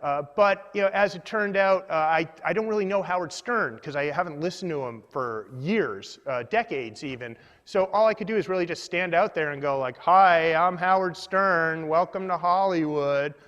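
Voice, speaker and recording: A man telling a funny personal story in a meandering, self-deprecating way with deadpan asides. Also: on the high side, brisk, hardly any pauses, big-room sound, highs cut off.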